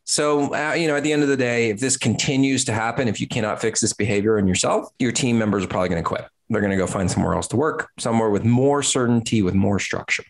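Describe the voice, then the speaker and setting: A man in his thirties, an agency owner, gives business advice at a middle pitch. He is blunt and emphatic, swears casually, and repeats words to drive his points home. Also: fast, hardly any pauses. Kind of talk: direct-to-camera business talk.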